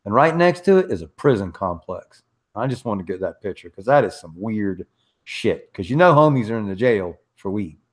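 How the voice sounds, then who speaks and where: A man's voice: on the low side, big pitch swings, moderate pace. A middle-aged man hosting a live podcast, telling stories and ranting in a loose, profane, emphatic way. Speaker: podcast host. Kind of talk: casual livestream rant.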